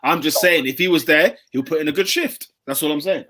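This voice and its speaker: High, bright young man. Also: fairly quick. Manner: animated, slangy, laughs often. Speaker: podcast co-host. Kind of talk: casual football chat.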